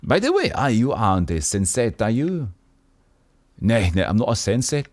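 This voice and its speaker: A man's voice: on the low side, big pitch swings, moderate pace, darkish tone, dry recording. A man voicing a prim, haughty middle-aged tailor who scolds in a condescending way. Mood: scolding.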